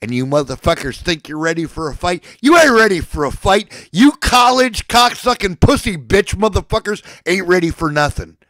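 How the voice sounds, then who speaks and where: Man, angry profane rant, threatening, somewhat high voice, dry close sound. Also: sing-song, normal speed, hardly any pauses, no room sound, poor audio. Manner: furious, threatening, shouting then seething low. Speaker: ranting speaker.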